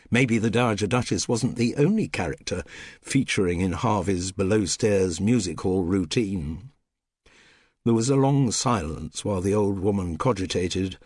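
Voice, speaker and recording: Husky man narrating an audiobook. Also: lowish voice, no echo, clean studio sound. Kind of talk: scripted narration.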